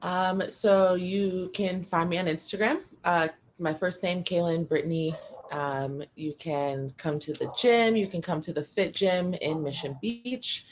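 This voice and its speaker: A woman's voice: lowish voice, unhurried, a little hiss or hum. A woman appearing as a guest on a podcast, easygoing and thoughtful in casual chat, who works as a gym trainer.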